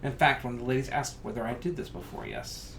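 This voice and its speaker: A man with a Southern US accent hosting a live crafting stream, chatting and rambling through stories with sudden excited bursts. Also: fairly quick, gravelly. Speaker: craft show host. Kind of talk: casual live-stream chat while crafting. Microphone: live-stream camera mic. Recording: echoey room with rumbling background noise.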